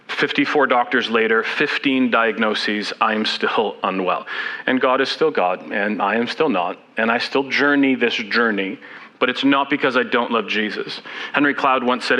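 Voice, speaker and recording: Middle-aged male speaker, bright voice, candid church talk laced with dry humor. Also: medium pitch, rough recording. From Canada. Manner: candid, self-deprecating humor, talks while seated. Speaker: guest speaker. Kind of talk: church talk with personal story. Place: church sanctuary.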